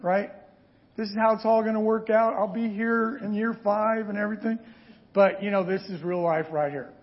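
A man preaching a sermon, telling stories with lively asides and frequent "right?" checks to the congregation. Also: high voice, moderate pace, muffled recording.

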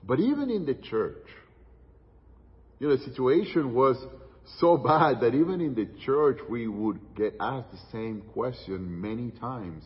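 A man preaching a sermon, telling a story with dramatic pauses and dropping to hushed tones for quoted words. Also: medium pitch, expressive, husky. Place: church hall. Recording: distant, muffled church hall recording with long reverb.

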